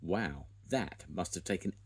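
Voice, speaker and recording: A man's voice: low voice, animated, a little slow, breathy edge, heavily acted. An older man reading a storybook aloud, voicing a cheerful, friendly builder.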